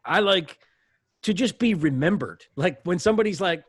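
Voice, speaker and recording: A bartender tells rowdy stories, swearing freely, in a fairly high man's voice. The sound is dry and close, with no room around it. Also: moderate pace, breathy edge, dry recording. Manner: animated storyteller, swears often. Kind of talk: casual podcast chat. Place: podcast studio.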